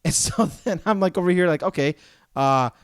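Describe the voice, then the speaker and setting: A man's voice: high-pitched, fast, no room sound, studio quality. A man co-hosting a podcast, chatting casually and acting out the other people in his stories. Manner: animated storyteller, acts out dealer dialogue. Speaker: podcast co-host. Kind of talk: casual chat.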